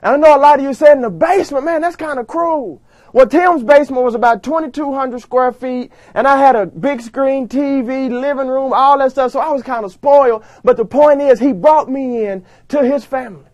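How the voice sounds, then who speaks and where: A man giving a motivational speech, telling his story dramatically and swinging from loud bursts to hushed lines. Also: very high voice, fairly quick, hardly any pauses, no echo. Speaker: motivational speaker.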